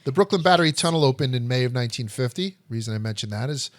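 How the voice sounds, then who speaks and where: A man's voice: medium pitch, lively intonation, quick pace, no echo. A man hosting a history podcast, telling stories in a blunt, profane, joking way. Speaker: podcast host. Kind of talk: casual history chat.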